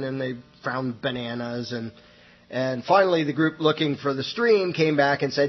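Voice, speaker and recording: Husky-voiced man telling a story. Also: fairly high pitch, normal speed, lo-fi sound. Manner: folksy, acting out quoted characters. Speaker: radio show host. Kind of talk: storytelling monologue.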